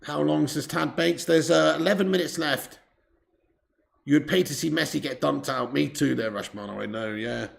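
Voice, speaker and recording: Gravelly-voiced man streaming live football. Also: on the high side, moderate pace. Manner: excitable, swears, reads viewer chat aloud. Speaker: watch-along streamer. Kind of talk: live football watch-along chat.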